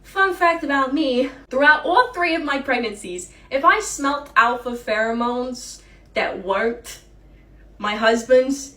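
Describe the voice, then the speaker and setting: A woman's voice: high-pitched, unhurried, reverberant, distant mic. A woman telling a comedic story casually, swearing often and acting out the other people's voices. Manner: swearing, animated, mimics voices in anecdotes. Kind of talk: casual storytelling with lip-sync clips.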